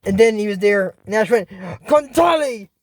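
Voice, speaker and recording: A vlogger casually recapping a cartoon episode in a chatty, excitable way, full of fillers and restarts. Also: medium pitch, brisk. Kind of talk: casual rambling recap commentary.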